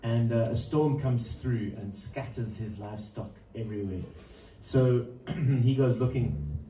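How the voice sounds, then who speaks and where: Mellow man telling a story on stage. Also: medium pitch, a little slow, a little hiss or hum. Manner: loose, rambling storyteller with frequent chuckles. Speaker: musician introducing a song. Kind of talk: live storytelling between songs. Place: live performance room. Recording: roomy live sound from a distance.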